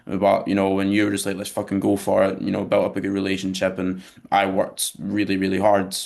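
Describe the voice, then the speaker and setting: Deep, gravelly, monotone male coach; relaxed podcast chat. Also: a little fast. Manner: conversational, sprinkles in casual swearing. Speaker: physique coach, podcast co-host. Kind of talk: casual chat.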